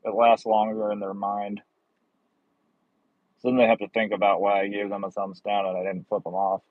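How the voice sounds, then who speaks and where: A man's voice: on the low side, monotone, normal speed, no echo, phone-quality sound. A man livestreaming while driving deliveries, chatting casually and making joking, rambling asides from his car. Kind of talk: casual live-stream chat.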